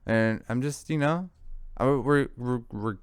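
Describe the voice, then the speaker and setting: Rambling, clear-voiced man podcasting. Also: mid-range voice, a little slow, dry recording, clean studio sound. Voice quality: smooth, clear. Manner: rambling, swears freely, acts out quotes in voices. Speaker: podcast co-host. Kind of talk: casual podcast banter.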